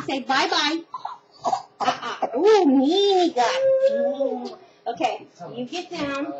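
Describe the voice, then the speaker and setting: High-voiced grandmother coaxing toddlers. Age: older. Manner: coaxing, sing-song prompting of toddlers. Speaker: grandmother filming her grandchildren. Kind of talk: casual home video. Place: at home. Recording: dull lo-fi home video with noise.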